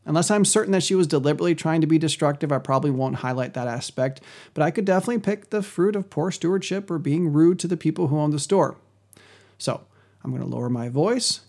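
A man hosting a podcast, giving a measured, scripted teaching on Christian parenting. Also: fairly high pitch, a little mellow. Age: adult parent.

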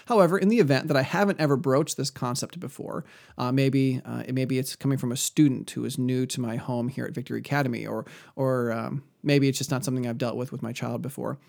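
A man's voice: medium pitch, steady tone, fast talker, creaky, darkish tone. A man giving an earnest, conversational Christian teaching on parenting, often quoting scripture. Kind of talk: earnest religious teaching talk.

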